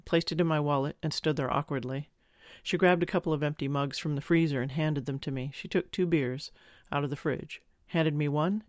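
A man tells a first-person story in a confessional, wry way, his voice a touch high for a man. The close mic makes the read dry, with no room sound at all. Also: no room sound. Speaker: audiobook narrator.

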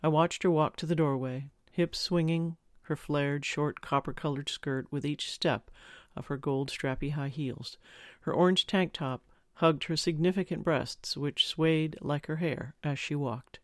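A man's voice: on the high side, measured pace, few pauses, dry recording. A man narrating a first-person story in a confessional, wry manner on a close mic. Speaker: audiobook narrator.

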